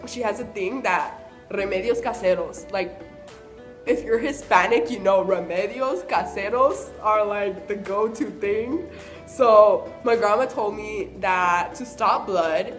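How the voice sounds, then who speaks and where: A young woman vlogger telling childhood stories in a casual, animated way, often acting out what people said. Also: mid-range voice. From Southern California. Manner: chatty, animated, acts out quoted voices. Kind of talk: casual storytelling.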